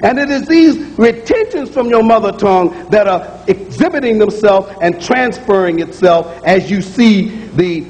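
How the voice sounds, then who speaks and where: A man's voice: sits high, lively intonation, unhurried, few pauses, a little mellow, long reverb tail, rough recording. A man giving a public lecture to an audience. He speaks emphatically, repeats key points and sounds out speech sounds aloud.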